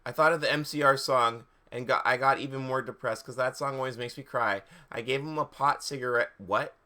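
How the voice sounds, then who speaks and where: Man, streamer, bright voice, sarcastic asides, mocking dramatic reading. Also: mid-range voice, fairly quick. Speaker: streamer reading fan fiction aloud.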